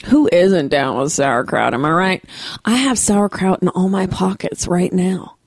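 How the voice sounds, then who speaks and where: A woman's voice: lowish voice, unhurried, vocal fry. A woman hosting a podcast, ranting in a brash, profane, playful, comedic way. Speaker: podcast host. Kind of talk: casual comedic chat.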